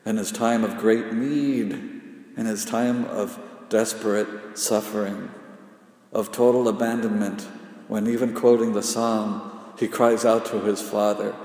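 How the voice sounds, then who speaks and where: A man delivers a sermon in an unhurried, measured rhythm, his low voice rough with gravel. He builds phrase on phrase with long pauses and often sinks to a hushed, intense murmur. The words ring out through a large hall with a long, trailing reverb. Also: steady tone. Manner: slow, repetitive cadence with dramatic pauses, often dropping to a hushed intensity. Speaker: preacher.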